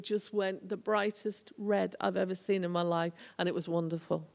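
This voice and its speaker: A woman who once worked as a tour manager shares stories from the road during a casual talk in a college lecture hall, where the sound echoes. She speaks at a measured pace in a steady, mid-range voice that's gravelly and a bit mellow, chatting away and performing the voices of those she quotes.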